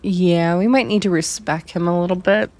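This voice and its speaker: A woman's voice: fairly low pitch, steady tone, moderate pace, a little mellow. A woman hosting a game stream, chatting casually and talking through her plans. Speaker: streamer host. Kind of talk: casual gameplay commentary.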